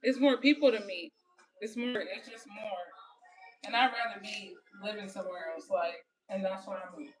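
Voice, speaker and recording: A woman from California co-hosting a casual livestream, lively and quick to chime in and laugh. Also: mid-range voice, recorded from a distance, crowd noise, low-quality recording. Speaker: livestream co-host.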